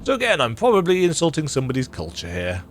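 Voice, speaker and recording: A man's voice: fairly high pitch, wildly swooping pitch, fast, a little hiss or hum. A man with a strained, tired voice giving rambling, self-deprecating commentary while playing a story game. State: strained, worn-out voice. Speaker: game streamer. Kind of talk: casual let's-play commentary.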